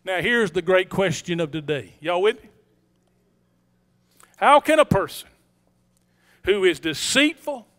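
A pastor delivers his sermon in a strikingly high, smooth and resonant voice. He takes his time, rising to emphatic declarations and dropping to a hushed tone for his stories. His tone is bright and ringing. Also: lively intonation, slow pace. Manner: emphatic preaching, swinging from loud declarations to hushed storytelling. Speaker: senior pastor. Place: church sanctuary.

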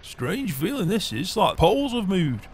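A man's voice: high-pitched, big pitch swings, normal speed, slight background noise. A man playing a blunt, cheerful farm boss, constantly swearing and teasing in game roleplay banter.

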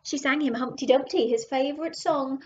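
A woman teacher reading a children's picture book aloud, adding gentle chatty asides, in a dull lo-fi recording. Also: high-pitched, moderate pace, slight background noise.

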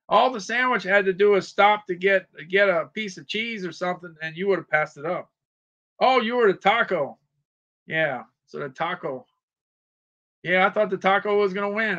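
A man's voice: on the high side, sharp tone, highs cut off. A man hosting a casual livestream, rambling, repeating himself and greeting viewers by name. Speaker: livestream shopping host.

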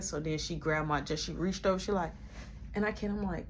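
Animated young woman. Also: on the low side, brisk, slight background noise. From Chicago, USA. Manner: animated retelling, acting out quoted voices. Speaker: storyteller vlogger. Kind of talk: casual storytime.

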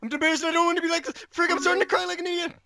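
A man's voice: very high voice, level tone, very fast, gravelly, pushed and bright, slight background noise, voice pushed up, full character voice. A man reading chat lines aloud as an upset young woman, in a raised voice. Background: game music.

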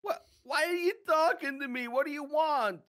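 A woman voicing a panicky, naive young male Minecraft player who whines and yells when attacked. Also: high-pitched, normal speed. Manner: frantic yelling and whining, frequent shouts. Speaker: Minecraft player character being pranked. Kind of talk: scripted gameplay voice acting.

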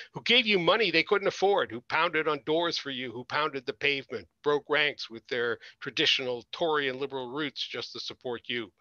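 A man's voice: a little high, sharp tone, dry recording, dull audio. A man reading as an urgent pleading politician. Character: determined woman politician pleading on the phone.

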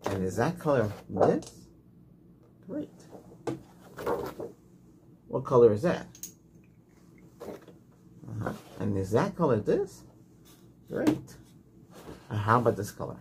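A man in a whispered role-play as an emergency doctor, giving soft, patient, gentle instructions. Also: mid-range voice, huge pitch swings, slow pace, pauses often. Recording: noisy hiss and clicks.

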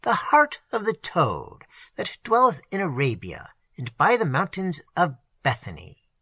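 Croaking old sorcerer, sinister and commanding, bright husky edge, as a storyteller puts him on. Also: male voice, on the high side, huge pitch swings, a little slow, dry recording, voice pushed up, exaggerated voice. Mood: ominous. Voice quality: croaking, rasping. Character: grim sinister old male magician.

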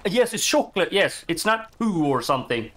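A man giving excitable, swearing let's-play commentary while he plays a game. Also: a little high, normal speed. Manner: excitable, swears, talks to himself. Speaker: gaming streamer.

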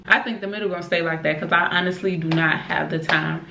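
Talking excitedly to the camera, a young vlogger mom with a baby addresses viewers as y'all in a low, brisk, gravelly voice. She's indoors at home in a spacious room with faint background noise, and her nearby camera gets shifted as she speaks.

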